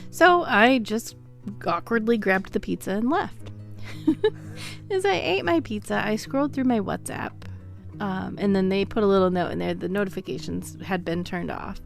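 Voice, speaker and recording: Brief: woman co-host with a lively, animated pitch, reading listener stories with frequent laughter, faint music behind. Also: moderate pace, gravelly. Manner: laughs often while reading aloud. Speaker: podcast co-host.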